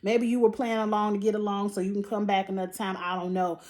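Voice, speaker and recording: A woman giving a blunt, profane, exasperated recap of a reality show, sighing and laughing between her points. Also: mid-range voice. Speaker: TV show reviewer.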